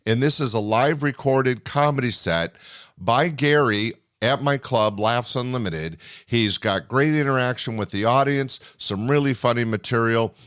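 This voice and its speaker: A man's voice: medium pitch, a little slow, clean tone, no room sound, clean studio sound. An older man who hosts the show and owned the club, reading a promotional introduction to an archive comedy set. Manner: warm promotional build-up. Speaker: club owner and show host. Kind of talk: scripted introduction.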